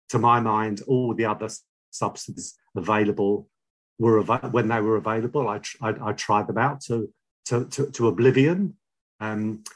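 A middle-aged man with a London accent telling his own recovery story, halting and repeating words, wry and confessional. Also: on the low side. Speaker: speaker sharing a recovery story. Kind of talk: personal testimony.

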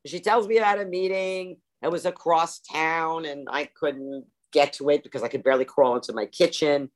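A woman's voice: sits low, fairly even intonation, moderate pace. A woman telling her recovery story at a meeting over a video call, theatrical and self-mocking. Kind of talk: personal storytelling talk.

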